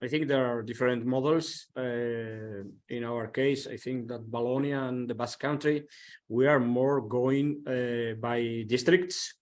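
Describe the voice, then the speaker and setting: A man speaking on a webinar panel over a video call, in halting, fragmented phrases. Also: medium pitch, fairly even intonation.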